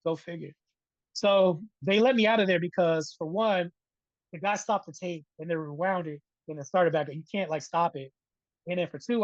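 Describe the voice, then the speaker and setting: A middle-aged man telling a personal story in a casual interview, animated and checking in with "right?" over and over. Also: fairly high pitch, no echo, highs cut off. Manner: animated, keeps adding "right?". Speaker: interview guest.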